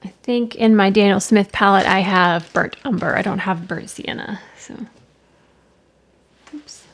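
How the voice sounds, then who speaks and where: An art-channel host sits at her desk swatching watercolors, chatting casually in a musing, slightly rambling way and correcting herself as she goes. She speaks at a medium pitch and a measured pace, with faint clicky background noise in the recording.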